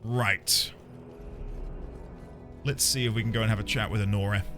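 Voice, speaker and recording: A man with a fairly low, steady voice streams a game at a moderate pace. He chats casually, rambling along playfully and making fun of himself. Game music can be heard behind him.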